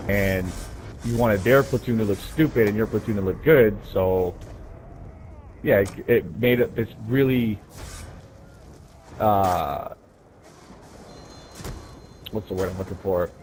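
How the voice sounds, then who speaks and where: Low-voiced man telling rambling stories. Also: unhurried, long pauses, darkish tone, a little hiss or hum, low-quality recording. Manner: profane, rambling, keeps asking "right?". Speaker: gamer telling stories while playing. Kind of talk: casual storytelling.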